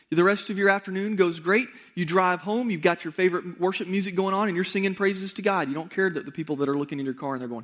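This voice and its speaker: A pastor delivering a sermon in a conversational way, speaking straight to the congregation with rhetorical questions and emphatic repetition. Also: male voice, sits high, quick pace, hardly any pauses.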